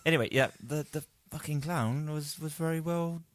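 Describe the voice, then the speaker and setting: A man's voice: fairly high pitch, moderate pace, dry recording. A man co-hosting a podcast, chatting casually and rambling, with frequent swearing. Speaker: podcast co-host. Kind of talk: casual chat.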